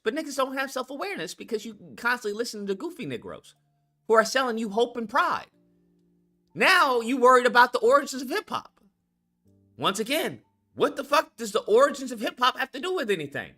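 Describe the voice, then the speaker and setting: A man's voice: extremely high pitch, pushed and bright. A man hosting a live stream, ranting in a heated, mocking and profane way, taunting a viewer to call in.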